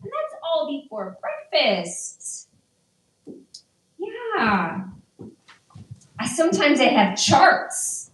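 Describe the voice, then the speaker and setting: A middle-aged woman doing stand-up, firing off dry, deadpan one-liners in a high, lively voice. She takes her time between the jokes. The sound is heard from a distance in an echoey room. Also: very slow, long pauses. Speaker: stand-up comedian. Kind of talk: stand-up comedy set. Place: comedy venue before a live audience.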